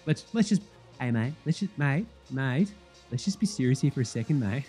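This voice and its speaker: A man hosting a casual sports podcast, rambling fast and swearing freely. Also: medium pitch, faint music behind. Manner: animated, profane, fast rambling. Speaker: podcast host.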